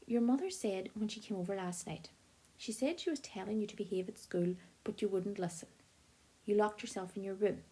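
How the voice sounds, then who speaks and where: A woman's voice: medium pitch, a little fast, mellow, breathy edge, close to an everyday voice. A woman reading an audiobook, voicing a patient elderly grandfather who speaks with careful, slightly formal phrasing.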